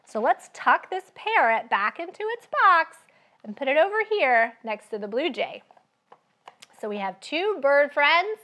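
A woman running a children's library storytime, talking in a drawn-out, sing-song way for small children. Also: high voice, a bit bright.

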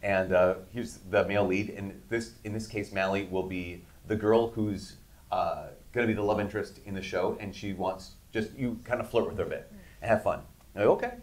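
A middle-aged man, a guest in an interview, telling casual stories with animated, laughing delivery. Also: lowish voice, normal speed. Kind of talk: casual storytelling.

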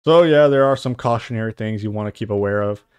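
The host of this software tutorial is a young man covering voice-changer settings at a quick pace, in a loose, rambling way with occasional mild curses. He has a low, slightly mellow voice that comes across clear and resonant. There's no room sound, and he uses a studio mic with noise suppression.

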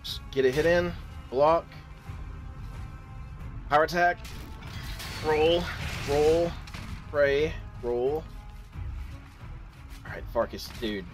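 A man's voice: a little high, drawn-out words, long pauses, soft background music. A young man giving let's play commentary, frantic and exclaiming as he talks to himself and the game. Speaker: gaming channel host.

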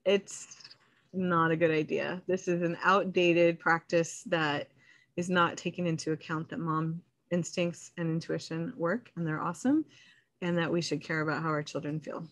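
A woman's voice: sits low, moderate pace. Earnest woman hosting a parenting podcast. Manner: earnest, animated, laughs softly, acts out parents' voices. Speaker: podcast host, sleep consultant. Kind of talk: casual solo podcast talk.

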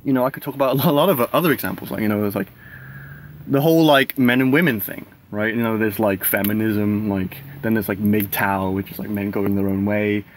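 A man's voice: on the low side, steady tone, brisk, a little hiss or hum. A man in his thirties talking casually to camera, rambling with constant "like" and "right?" fillers and the odd swear word. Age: 30s. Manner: swears casually, laughs between thoughts. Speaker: vlogger.

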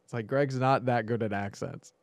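A man's voice: mid-range voice, steady tone, moderate pace, dry recording. A man hosting a podcast, bantering with a wry, teasing edge in casual chat. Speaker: podcast host.

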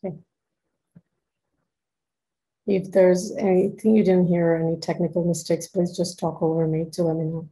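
A woman from Peru, working as an academic presenter, carefully reads a prepared lecture over a video call. Her voice is mellow and fairly low with a flat delivery, and the recording is rough.

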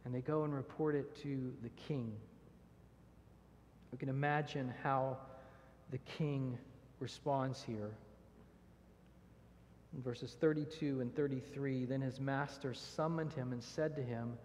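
A man's voice: fairly high pitch, slow, slight background noise. A man preaching a verse-by-verse sermon as pastor, earnest, asking rhetorical questions and reading scripture aloud. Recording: long church reverb.

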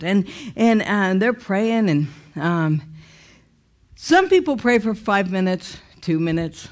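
A woman tells her personal testimony in a conversational, heartfelt way, full of fillers and restarts. Her pitch leaps up when she acts out her own outbursts. Her voice sits fairly high for its register. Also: very animated, slow, fairly bright tone. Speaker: speaker sharing a personal testimony.

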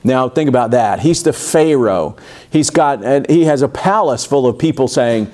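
A man's voice: mid-range voice, expressive, normal speed, a little mellow. A man teaching a Bible study in a church, talking conversationally with many asides and fillers, and lifting his voice when he reads scripture aloud. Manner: digressive, many fillers and asides, rises for emphasis when reading.

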